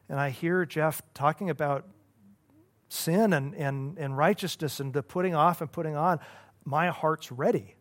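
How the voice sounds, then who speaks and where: Speaking a little high, this male pastor runs a Bible study in an earnest, halting way. His delivery is conversational and full of restarts.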